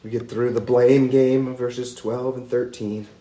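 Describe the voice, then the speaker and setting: A man's voice: mid-range voice, flat delivery, unhurried, mellow. Earnest preaching man in an echoey room. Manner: earnest, emphatic, builds lists of words one at a time. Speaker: pastor. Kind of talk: expository sermon.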